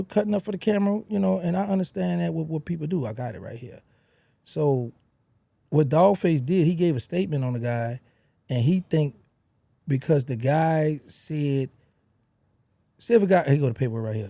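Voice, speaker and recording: New Orleans man with a dark voice. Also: mid-range voice, gravelly, no echo. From New Orleans, USA. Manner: animated, storytelling, Southern slang. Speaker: podcast guest. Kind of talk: casual interview talk.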